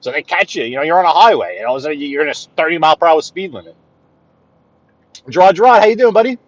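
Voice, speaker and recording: A man with a New York accent chatting to viewers while driving, greeting them by name and often clearing his throat. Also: on the high side, animated, fast talker, no room sound, lo-fi sound. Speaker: livestream host driving. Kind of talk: casual live-stream chat while driving. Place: inside a car on city streets.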